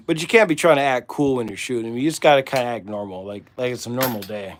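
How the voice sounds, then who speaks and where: A man's voice: mid-range voice, animated, fairly quick, a little hiss or hum. A man with a Midwestern accent, hosting a livestream and chatting casually while he works, in a rambling, laid-back way. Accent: Midwestern American. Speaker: livestream host. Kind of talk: casual livestream chat while working on a task.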